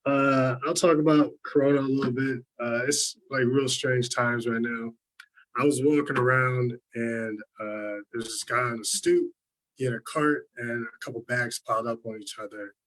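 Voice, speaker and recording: A stand-up comedian performs a set over a video call, rambling and leaning heavily on "like" and "um." His voice is medium-pitched, steady, and a bit bright, at a normal speed, and the recording is rough.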